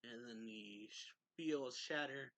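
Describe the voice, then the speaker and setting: Slow, bright-toned man reviewing a manga. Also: medium pitch, no room sound. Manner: rambling, with frequent likes and throat clearing. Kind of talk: casual manga read-along review.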